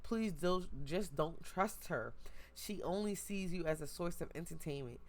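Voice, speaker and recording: Woman doing a polite seer warning someone, earnest, low voice. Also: animated, a little slow. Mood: urgent. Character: polite seer who reads hearts.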